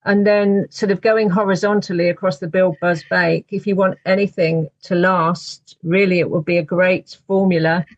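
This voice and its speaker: A woman, an author, answering interview questions in a measured, thoughtful way. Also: on the low side, little pitch movement, no room sound, lo-fi sound. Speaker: author guest.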